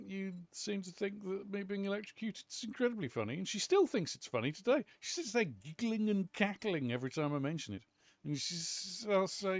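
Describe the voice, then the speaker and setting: British man, gameplay chatter, swooping lively voice, dry dull lo-fi sound. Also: sits high, dry recording. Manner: animated, chatty storytelling with exclamations. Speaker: gaming channel host. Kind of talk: casual gameplay commentary.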